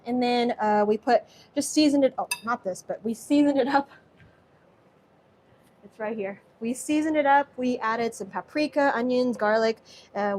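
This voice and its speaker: A woman's voice: a little high, darkish tone, a little hiss or hum. A young woman with an American accent hosting a live cooking stream from her kitchen, chatty and effusive as she thanks viewers by name. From Singapore. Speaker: host.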